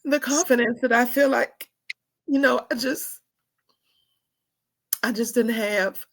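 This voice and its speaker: A woman hosts a heartfelt talk. Her voice is gravelly, and it sounds close and dry. She talks with deep emotion, hovering near tears. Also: slow pace, no room sound. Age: 40s. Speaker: host. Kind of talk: casual chat.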